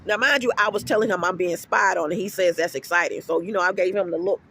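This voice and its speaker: Outdoors at an apartment complex, a middle-aged man vlogs a casual rant, telling a rambling, emphatic story packed with cursing. His high-pitched voice is husky, pushed and bright, and he talks fast.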